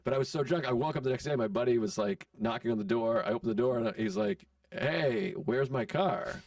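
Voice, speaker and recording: A man's voice: on the high side, fast talker, creaky, dry recording, far from the mic. A man in his forties, a comedian guest, telling stories in casual chat and acting out quotes, with profanity. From Boston area. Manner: animated storyteller acting out quotes, swearing.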